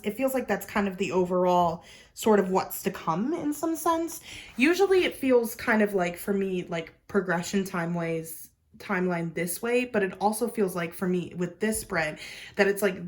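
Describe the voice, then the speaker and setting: A woman's voice: medium pitch, rough recording. A woman giving a casual pick-a-card tarot reading, talking in a loose, rambling way full of fillers and restarts. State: hiccups. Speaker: tarot reader.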